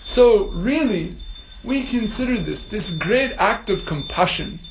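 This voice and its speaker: A man telling a spiritual story in an animated way, laughing often and using many fillers. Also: high voice, reverberant, slight background noise, low-quality recording. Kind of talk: storytelling talk.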